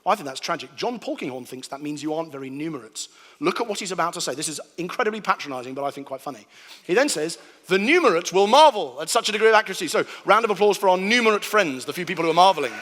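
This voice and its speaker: A man's voice: a little high, animated, fast, a bit bright, in a large hall. A man giving a humorous sermon to a live audience, acting out sounds and voices as he tells stories. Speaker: preacher giving a talk. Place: large hall before an audience.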